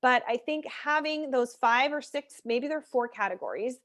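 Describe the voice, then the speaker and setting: A woman's voice: high voice, moderate pace, fairly bright tone. A woman fitness and nutrition coach speaking candidly over a video call, chatty with many fillers, leading an online workshop. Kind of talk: casual online workshop talk.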